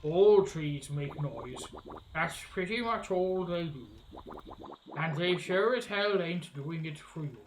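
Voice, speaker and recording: A woman's voice: lowish voice, animated, slow, a little hiss or hum. A woman voicing a grumpy old female alligator witch in a game, with a put-on Southern drawl and a sardonic manner. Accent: put-on American Southern.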